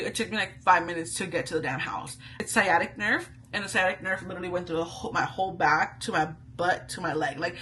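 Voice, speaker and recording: Bright-voiced chatty young mom. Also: female voice, fairly low pitch, a little hiss or hum, poor audio. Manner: chatty, candid, quick asides and slang. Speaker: vlogger, stay-at-home mom. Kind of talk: casual storytelling to camera.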